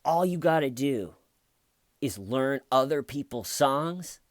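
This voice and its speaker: A man's voice: mid-range voice, expressive, takes it slowly, no echo, clean studio sound. A man talking through a true-crime story in a rambling, conversational commentary full of fillers and restarts. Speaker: commentary youtuber.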